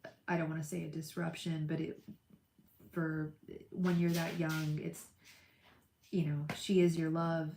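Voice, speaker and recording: A woman's voice: low voice, level tone, measured pace, pauses often, darkish tone, reverberant, slight background noise. A young woman chatting with viewers on a live tarot stream, gushing and emotional, calling people by name. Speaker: livestream tarot reader.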